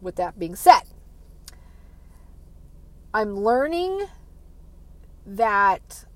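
A woman telling a personal story in a vlog, soft-spoken and halting, with sighs between thoughts. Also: medium pitch, very animated, poor audio. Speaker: vlogger.

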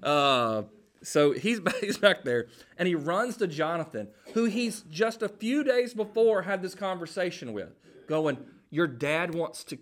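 Animated, lively preacher man. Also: high voice, a little slow. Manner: animated, jokey storytelling with acted-out quotes. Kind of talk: sermon.

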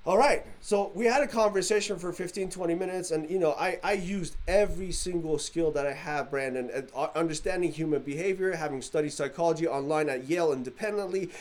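A man from the Middle East telling a story in casual podcast chat, animated and acting out quoted dialogue. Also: a little high, fairly quick, hardly any pauses.

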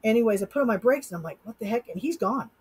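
A woman's voice: on the high side, animated, very fast, a little mellow, slightly rough, poor audio. A middle-aged woman from Utah, a hypnotist guest in an interview, telling a personal story with animation and acting out her own thoughts. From Utah, USA.

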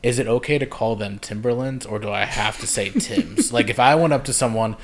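A man's voice: mid-range voice, a little fast. A man from Chicago hosting a casual podcast chat, laid-back and laughing often. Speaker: podcast host.

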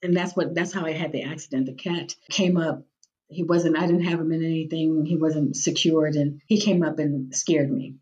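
A woman's voice: deep voice, fairly even intonation, moderate pace, darkish tone, a little hiss or hum. A woman guest on a podcast, telling personal faith stories and acting out the voices of the people in them. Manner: vivid storyteller who acts out quoted voices. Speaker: guest, executive director of a nonprofit.

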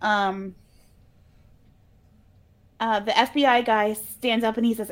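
A woman's voice: fairly high pitch, steady tone, takes it slowly, long pauses. A woman co-hosting a casual podcast, telling a movie scene by scene, laughing often and slipping into little voices when she quotes the characters. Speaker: podcast co-host recapping a movie. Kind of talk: casual chat.

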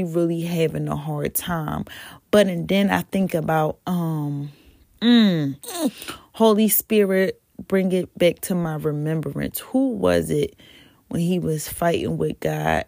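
A woman talks through her faith on a home podcast, her voice low and gravelly with a little fry. She rambles in a casual way, corrects herself mid-sentence, and speaks straight to listeners as "y'all." The recording is dry and close, with no room sound. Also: a little mellow, dry recording. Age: adult, mother of a toddler. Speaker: podcast host.

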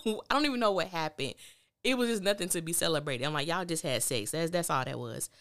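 A woman's voice: on the low side, lively intonation, fast talker, fairly bright tone, no echo, clean studio sound. A woman hosting a podcast, recapping a TV drama in candid, opinionated casual talk and acting out the characters' lines. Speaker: podcast host reviewing a TV drama.

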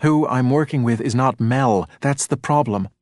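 A man reading a novel aloud, voicing a sharp-tongued woman police detective who speaks in clipped, blunt, irritated bursts. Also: mid-range voice, moderate pace, no echo, studio quality, natural voice.

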